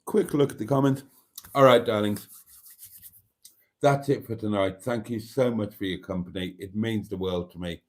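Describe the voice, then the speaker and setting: A man hosting his nightly livestream in a casual chat, speaking gently and affectionately and often trailing off quietly. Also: lowish voice, moderate pace. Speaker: channel host.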